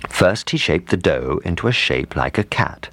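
A man telling a children's storybook with an animated, expressive delivery. His voice is extremely deep, yet it rises and falls a great deal. The sound is close and dry. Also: normal speed, no room sound. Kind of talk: storybook narration.

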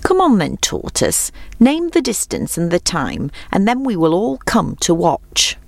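A woman voicing a brisk, bossy male fox who calls out commands. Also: lowish voice, wildly swooping pitch, creaky, no room sound, full character voice.

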